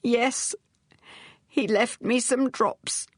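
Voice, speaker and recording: A woman's voice: fairly even intonation, very slow, dry recording, studio quality. A woman voicing a frantic middle-aged woman who shrieks and cries, in an audiobook reading. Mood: cold, subdued. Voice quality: shrill. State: crying.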